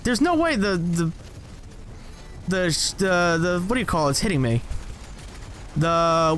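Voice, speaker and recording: A young man giving casual, rambling gameplay commentary, joking at himself and jumping into high excited yelps as he plays. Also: a little slow, long pauses, a little hiss or hum. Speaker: gaming channel host.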